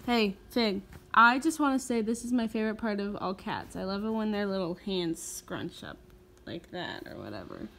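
A woman's voice: medium pitch, expressive, normal speed, fairly bright tone. A young woman vlogging at home, teasing her cat in a playful, cooing baby-talk voice. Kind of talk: casual home vlog.

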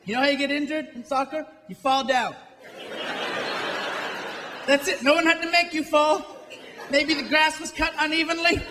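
A man's voice: very high voice, big-room sound, background noise. Sardonic male stand-up comedian. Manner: sardonic, mocking observations. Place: comedy club stage. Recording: live club, loud crowd laughter.

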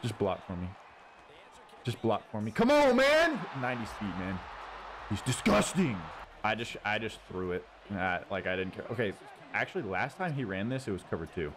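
A man hosting his gaming channel, giving casual running commentary on his own football video game and cheering loudly at big plays. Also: on the low side, brisk. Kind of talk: live gameplay commentary. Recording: audible background noise.

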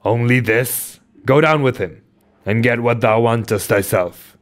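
A man reading aloud voices a calm, restrained first mate who speaks quietly and evenly. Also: medium pitch, natural voice. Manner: quiet, measured, soft.

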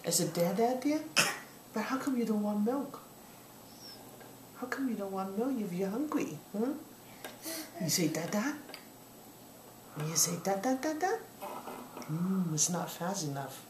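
An older grandmother talking baby talk in a sing-song, coaxing way, now and then dropping to soft whispers. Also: medium pitch, expressive, measured pace, pauses often. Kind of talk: baby talk while feeding a child. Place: home, indoors. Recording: echoey home room with background noise.

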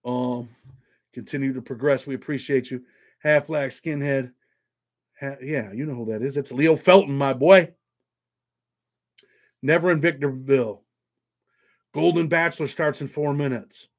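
A man's voice: mid-range voice, a little slow, pauses often. A man hosting a casual livestream, rambling and profane, reading viewer donations aloud between prison stories. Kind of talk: casual live chat with viewers.

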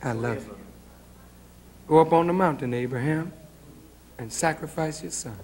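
A calm, commanding divine voice put on by a male preacher, dropped low and nearly hushed. Every word is deliberate and quietly certain. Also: close to an everyday voice, rough recording.

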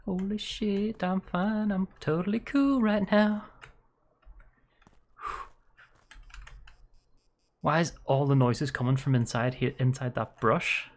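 A woman streamer talks through a horror game live, her voice low-pitched and breathy. She drawls slowly, muttering in hushed whispers before swearing in sudden startled yelps. Keyboard clicks sit under her desk mic. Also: expressive. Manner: jumpy, swears a lot, drops to hushed whispers then yelps. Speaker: virtual streamer.

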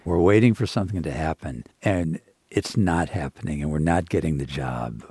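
A man with a very low, husky voice, adding thoughtful comments to a round-table talk. His voice is recorded dry and close. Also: moderate pace, mellow, no echo. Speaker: co-host. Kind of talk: casual discussion.

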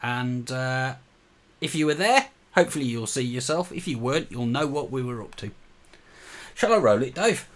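A man hosting a chat show and narrating a video diary in a measured, conversational way. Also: medium pitch, expressive. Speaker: show host.

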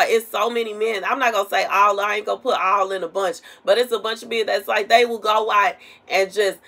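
A woman delivers a prophetic message as casual, everyday talk. She rambles and circles back, filling her speech with conversational asides. Her pitch sits in the middle range. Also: a bit bright, breathy edge. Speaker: prophetic minister.

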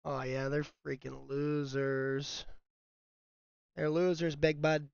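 A man's voice: a little high, little pitch movement, slow pace, gravelly, smooth, dull audio. A man streaming an online shooter, calling out plays and trash-talking the other team between laughs with his teammates. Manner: rowdy trash talk, callouts and laughter with teammates. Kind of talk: casual live gameplay chatter. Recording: noisy stream audio with clicks.

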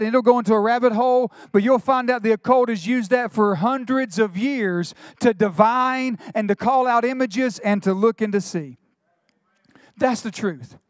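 A middle-aged male pastor, preaching a sermon with quick asides and retold dialogue. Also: very high-pitched, dry recording, studio quality.

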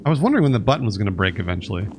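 A man's voice: fairly low pitch, big pitch swings, rapid-fire, a little mellow, slight background noise. A man streaming a video game, chatting casually and laughing as he plays. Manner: amused, chatty, laughing a lot. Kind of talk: casual gameplay commentary.

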